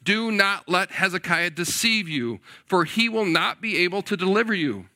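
A man voicing a boastful, menacing male envoy of a conquering king, loudly taunting and coaxing his listeners. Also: high-pitched, normal speed, voice pushed up, heavily acted.

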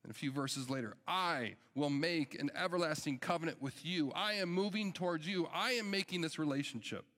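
A man's voice: a little high, moderate pace, few pauses, a bit bright. A middle-aged man, a pastor, preaching a sermon in an earnest, emphatic way that builds with urgency. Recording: long hall reverb.

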